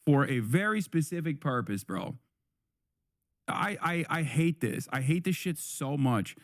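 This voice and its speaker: A man's voice: fairly high pitch, expressive, unhurried, no room sound, studio quality. A man streaming live, reacting to a video with heated, profane commentary that often repeats and restarts. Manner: angry, profane ranting.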